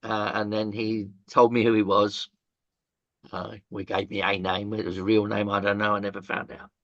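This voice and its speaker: An older man, telling his story as an interview guest, halting with many fillers and restarts and the odd swear word. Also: fairly low pitch, flat delivery, fairly bright tone, no echo, muffled recording. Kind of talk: candid storytelling in conversation.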